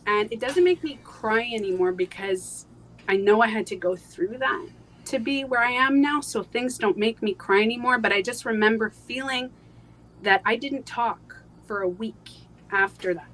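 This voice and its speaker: In a rough recording, a woman with a rather high voice tells her personal story as a guest in a live interview. She speaks haltingly with many fillers and restarts, and turns soft when the memories hurt.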